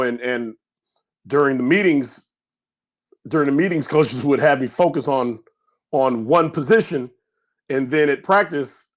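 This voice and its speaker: A middle-aged man, a former pro football player, telling loose, rambling stories in a casual podcast interview and acting out yelling coaches. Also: mid-range voice. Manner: animated storyteller, acts out coaches yelling; loose, rambling with many restarts.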